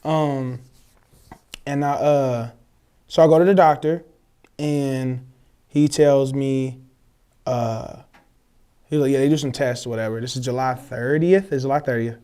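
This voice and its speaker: A young man, telling a personal story in casual, slangy, animated chat, acting out the voices of others. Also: medium pitch, a little slow, pauses often, smooth. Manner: animated, swears freely, slangy, acts out quoted voices. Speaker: guest telling his story.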